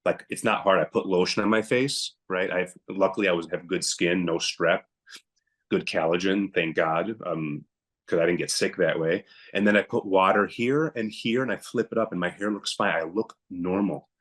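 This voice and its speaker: Man, young adult, very deep voice, podcast guest, blunt emphatic storytelling. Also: fairly bright tone. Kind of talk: emotional personal story.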